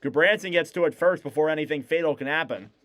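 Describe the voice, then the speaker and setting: A man with a smooth, clear voice that sits a little high for a man delivers live hockey play-by-play. He fires off rapid, clipped calls and lifts his voice whenever a shot goes in. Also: a bit bright. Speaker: play-by-play commentator.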